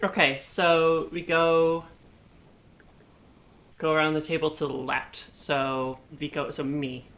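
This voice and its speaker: A woman's voice: low voice, flat delivery, slow, pauses often, fairly bright tone. A woman playing a tabletop story game with friends, chatting casually, often laughing and thinking aloud with fillers. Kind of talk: casual game-night chat.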